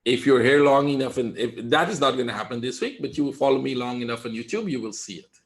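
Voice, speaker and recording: A man giving live trading commentary in a webinar, calm and reassuring, repeating his points and often asking "right?". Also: medium pitch, fast talker. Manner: emphatic, talks straight to viewers. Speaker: trader teaching a webinar.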